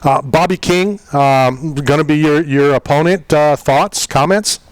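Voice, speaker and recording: A man's voice: fairly high pitch, unhurried, slight background noise, low-quality recording. A man hosting a combat sports radio show, asking questions in a chatty, rambling way with many fillers. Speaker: talk radio host. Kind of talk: casual radio interview.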